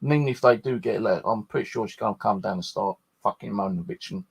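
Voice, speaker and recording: A man's voice: fairly low pitch, quick pace, vocal fry, husky. A man hosting a paranormal channel, chatting casually and rambling, swearing freely as he talks. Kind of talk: casual late-night chat.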